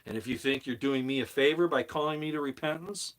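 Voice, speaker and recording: A man's voice: mid-range voice, fast talker, fairly bright tone. Heated preachy man ranting. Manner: heated, preachy, emphatic repetition. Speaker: commentary channel host. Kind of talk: opinionated monologue.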